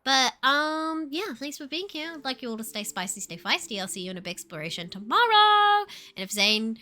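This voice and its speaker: A young woman chatting casually on a livestream, animated, laughing often and swearing. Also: sits high, a little fast. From New Zealand. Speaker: streamer.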